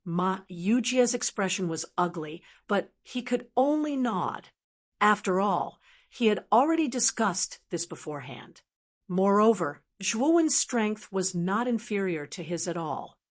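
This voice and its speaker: A woman narrating a fantasy novel audiobook in an even, steady reading. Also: mid-range voice, a little slow.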